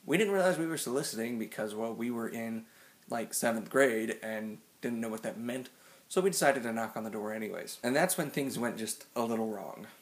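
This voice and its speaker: A man's voice: medium pitch, fairly quick. A young man in his late teens telling a funny story to camera, rambling and full of "like" and restarts. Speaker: vlogger.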